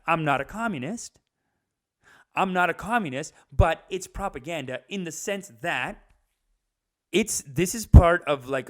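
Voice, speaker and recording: A man hosting a comedy podcast, ranting in an animated, profane way. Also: fairly high pitch.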